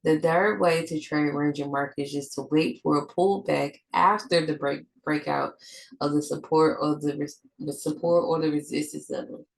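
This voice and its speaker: A woman's voice: sits low, fairly even intonation, normal speed, creaky, low-quality recording. A woman with a stuffed-up nose, reading a trading lesson from her notes, with slips and restarts. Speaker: trading educator.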